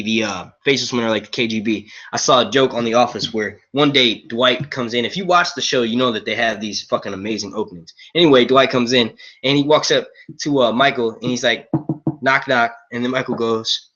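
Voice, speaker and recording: A man streaming casual chat to his viewers, excitable and profane, full of slang and jumping between topics. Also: mid-range voice, muffled recording. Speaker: YouTube reviewer streaming to viewers.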